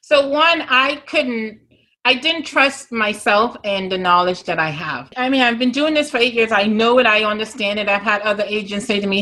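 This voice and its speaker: A woman's voice: fairly high pitch, moderate pace, pushed and bright. A woman with a Grenadian accent, a travel agent speaking candidly as a guest in a casual interview.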